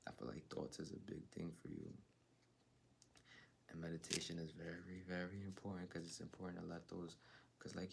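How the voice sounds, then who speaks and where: A man giving a live tarot reading to his chat in laid-back, slangy talk, sometimes dropping into soft whispered asides. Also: sits low, gravelly, slight background noise. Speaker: tarot reader.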